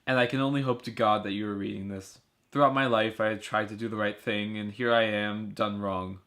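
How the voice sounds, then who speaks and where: Man voicing a loving mother, apologetic, pleading, lowish voice, amateur audiobook. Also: fairly even intonation, a little fast, a bit bright. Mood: tender. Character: loving, remorseful mother writing a letter.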